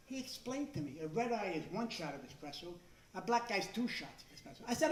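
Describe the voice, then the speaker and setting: An older man doing stand-up, growing exasperated and shouting his punchlines. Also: high voice, big pitch swings, fast. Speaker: stand-up comedian. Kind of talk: stand-up routine. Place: club stage before a live audience. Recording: echoey room, far from the mic.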